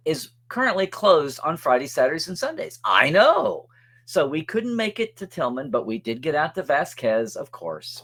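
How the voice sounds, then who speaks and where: Chatty, lively-voiced man hosting a web show. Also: medium pitch. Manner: chatty, upbeat, reads out supporter shout-outs. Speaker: show host. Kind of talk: casual web show chat.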